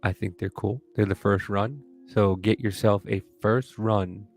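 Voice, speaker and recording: A man co-hosting a casual podcast, profane and animated, jumping into a high yell when worked up. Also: unhurried, creaky, soft background music. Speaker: podcast co-host.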